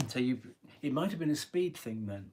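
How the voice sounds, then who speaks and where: Man, husky voice, rambling live tarot reading, clears throat a lot. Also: fairly high pitch, big pitch swings, a little slow, a little mellow. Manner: chatty, rambling, frequent throat clearing and laughs. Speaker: tarot reader.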